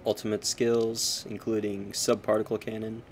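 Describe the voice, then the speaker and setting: A man's voice: fairly low pitch, flat delivery, moderate pace, slight background noise. A man streaming a game, chatting casually with swearing and self-mocking asides. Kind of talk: casual gameplay commentary.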